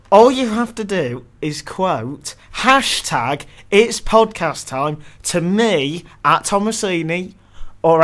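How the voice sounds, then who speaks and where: A man's voice: on the high side, fairly bright tone. A young man co-hosting a casual podcast, joking and laughing often at his own lines. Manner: jokey, self-mocking, laughs often. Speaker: podcast co-host.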